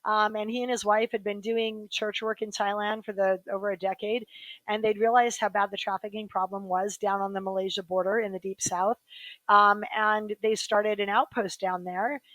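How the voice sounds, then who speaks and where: A middle-aged woman, an attorney and guest, telling her story in a frank, brisk conversational manner with vivid quick asides. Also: medium pitch, little pitch movement, a bit bright, no room sound, poor audio. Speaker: human rights attorney, guest.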